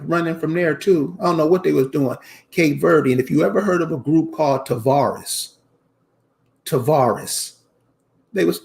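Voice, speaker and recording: A man's voice: fairly high pitch, gravelly, darkish tone. A man giving a casual commentary rant to his viewers, emphatic and preachy, repeating his points and calling out to them directly. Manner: emphatic, repeats lines, addresses viewers as y'all. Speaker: channel host.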